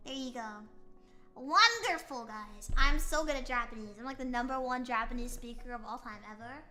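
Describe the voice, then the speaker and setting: High, bright playful woman streamer. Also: moderate pace, faint music behind. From United States. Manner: playful, rambling, self-mocking. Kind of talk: casual live-stream chat.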